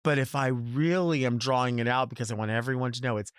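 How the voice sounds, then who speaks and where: Drag queen host, solo chat; campy, sassy, drawn-out words, mid-pitched man, close dry mic. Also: steady tone, smooth, no room sound. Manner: campy, drawls and stretches words for emphasis; sassy, conversational. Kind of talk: casual solo monologue.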